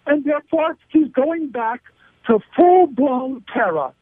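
High-voiced indignant man on a phone line. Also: lively intonation, a little slow, no room sound. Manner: indignant, emphatic, hammering repetition. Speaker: guest commentator. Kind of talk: phone-in interview commentary. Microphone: telephone line. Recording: tinny dry phone line.

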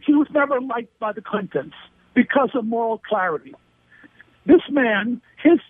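High-voiced indignant man on a phone line. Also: breathy edge, no room sound. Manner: indignant, emphatic, hammering repetition. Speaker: guest commentator. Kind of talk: phone-in interview commentary. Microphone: telephone line. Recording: tinny dry phone line.

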